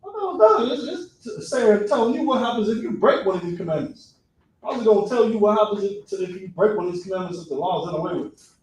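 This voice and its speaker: A man teaching a religious class in a classroom, animated and acting out people's reactions with mock voices. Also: high voice, fast, a little hiss or hum. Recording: echoey room, far from the mic.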